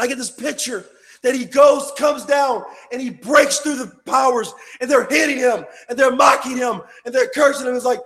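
Male pastor very high voice, impassioned sermon, swings from loud to hushed. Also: normal speed. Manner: impassioned, shouting and then dropping low.

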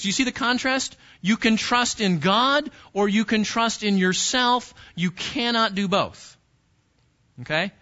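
Guy preaching, high bright voice, lots of repeating himself, dull lo-fi recording. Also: lively intonation, measured pace. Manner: emphatic teaching with repetitions and restarts; addresses the congregation directly. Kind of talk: sermon.

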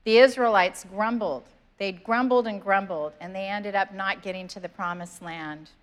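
A woman's voice: mid-range voice, fairly even intonation, moderate pace. Woman pastor, earnest conversational sermon, church service, scripture readings. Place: church sanctuary.

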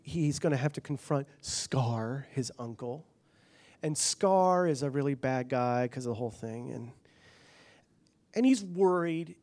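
A man delivering a sermon in a church in a fairly high voice. He chats casually and jokes with the crowd, then presses his points with rising fervor. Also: a little mellow. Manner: casual, joking, building to fervent emphasis. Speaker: pastor.

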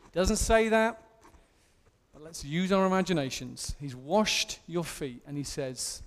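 English pastor, 30s, high voice, animated sermon, self-mocking, reverb from a big hall. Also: male voice, unhurried. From England.

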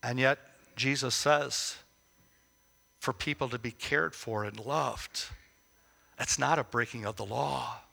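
A man giving devotional Bible teaching, emphatic, with rhetorical questions and slow, stressed phrases. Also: mid-range voice, steady tone, vocal fry, sharp tone. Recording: long reverb as in a hall.

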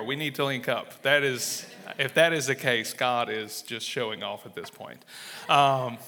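A man's voice: mid-range voice, unhurried, gravelly, pushed and bright. A man in his thirties from Mississippi with a Southern drawl, sharing his testimony as a guest preacher in a folksy, self-deprecating way. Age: 30s. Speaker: church planter, guest speaker. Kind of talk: sermon with personal testimony. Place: church sanctuary. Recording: long reverb of a large hall.

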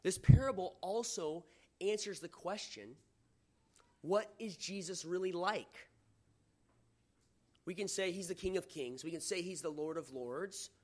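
Man preaching, fairly high voice, earnest and conversational, reads scripture with emphasis. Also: a little slow, long pauses, a little mellow. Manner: earnest, conversational, asks the listeners questions. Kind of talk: sermon.

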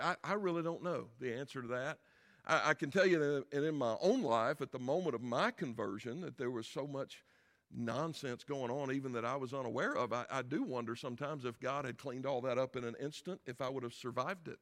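A man's voice: mid-range voice, expressive, a little fast, fairly bright tone. A middle-aged man, a pastor, preaching a sermon in a conversational way, asking the audience questions and building to emphatic peaks.

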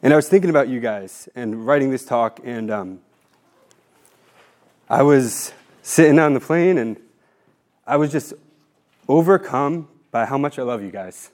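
A man's voice: mid-range voice, a little mellow. Nervous, tearful young man giving a talk. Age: 20s. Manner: nervous, halting, with many pauses and fillers. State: tearful, voice breaking. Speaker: speaker giving a formation talk. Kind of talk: heartfelt talk to a faith community.

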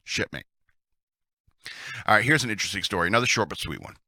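A man's voice: on the low side, expressive, fast talker, sharp tone, no echo, studio quality. A man hosting a casual storytelling session of Navy tales, who chuckles often and adds chatty asides. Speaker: host reading Navy stories.

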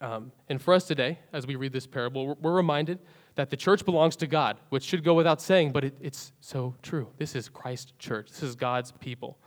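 A man preaching a sermon as pastor, rising to loud emphatic peaks and falling to soft, near-whispered endings. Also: mid-range voice, a little fast.

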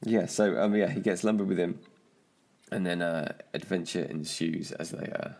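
A low-pitched man talks through films in a relaxed podcast chat. His voice is gravelly and husky. He rambles, loses words and laughs easily. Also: moderate pace. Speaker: podcast co-host. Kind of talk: casual film review chat.

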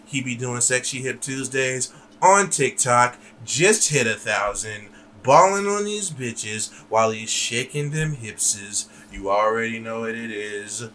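A man's voice: medium pitch, expressive, a little slow, a bit bright, a little hiss or hum. A man co-hosting a podcast in loose casual chat, joking around, rambling and swearing freely. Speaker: podcast co-host.

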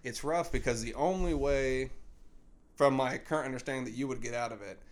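A man's voice: medium pitch, brisk. A young man coaching on a podcast, easygoing and meandering. His voice sits in an ordinary middle range, and he talks in loose, filler-heavy stretches. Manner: relaxed, rambling with many "like" fillers. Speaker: podcast co-host, fitness coach. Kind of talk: casual podcast chat.

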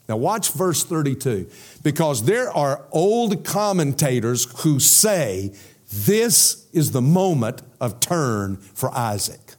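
A man's voice: on the high side, animated, a little slow, a little mellow. A man preaching an expository sermon, explaining scripture verse by verse and often restarting his phrases.

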